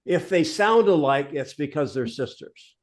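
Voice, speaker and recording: A man's voice: on the high side, animated. A man hosting a sales training session, giving brief encouraging feedback and keeping time. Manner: encouraging, brisk timekeeping. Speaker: host running the role-play session.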